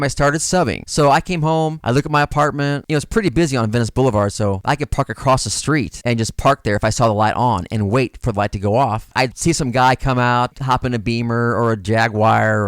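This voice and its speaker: A man's voice: medium pitch, dry recording. A middle-aged man casually telling a long personal story, acting out the dialogue as he goes. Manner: animated, acts out dialogue. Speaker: storyteller guest.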